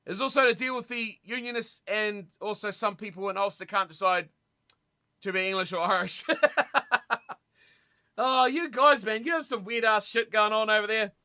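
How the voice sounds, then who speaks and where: A young man streaming a rugby watch party, commentating on the play and chatting casually with his viewers, with sudden loud reactions. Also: high-pitched, normal speed, clear, resonant tone. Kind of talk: casual live commentary and chat.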